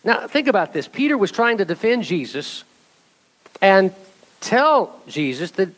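A man's voice: high-pitched, big pitch swings, a little slow, fairly bright tone, rough recording. A man pastor preaching a sermon, talking straight to his congregation and building to fervent exhortation. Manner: rising to fervent exhortation, addressing the church.

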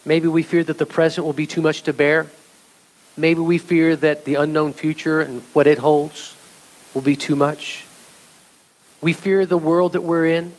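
A male pastor preaching a sermon, animated and speaking directly to his congregation, sometimes acting out voices from the story. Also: fairly high pitch, a little slow. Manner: animated, acts out voices of scripture figures; addresses congregation directly as church.

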